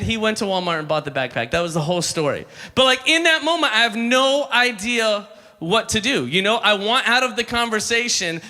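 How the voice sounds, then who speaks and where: A man's voice: very high-pitched, sharp tone. A man in his thirties giving a humorous youth sermon, telling jokes and calling for responses from the crowd. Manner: joking storyteller, calls for crowd responses. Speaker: youth ministry speaker. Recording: long hall reverb.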